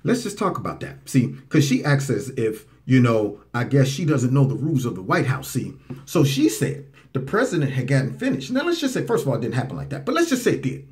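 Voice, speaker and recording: A man's voice: mid-range voice, brisk. A man hosting a talk radio commentary show, mocking and reacting to played clips. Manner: animated, mocking, talks over clips. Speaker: political commentary host.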